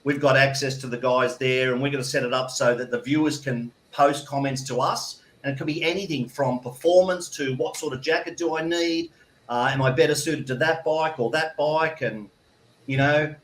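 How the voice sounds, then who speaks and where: A man's voice: mid-range voice, steady tone, normal speed, fairly bright tone, a little hiss or hum. A man in his fifties with an Australian accent, chatting as a guest in a rambling way with many restarts. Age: 50s. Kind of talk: casual chat. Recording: echoey room.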